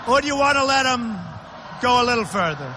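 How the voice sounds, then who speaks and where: A man's voice: extremely high pitch, animated, brisk, noisy background. A man giving a campaign rally speech, talking emphatically and repeating himself as he speaks directly to the crowd in a large indoor arena. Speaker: political candidate. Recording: echoey arena reverb.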